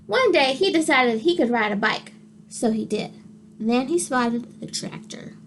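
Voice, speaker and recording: A woman reading a children's picture book aloud, with expressive, animated storytelling. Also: high-pitched, measured pace, slight background noise. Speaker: storybook reader.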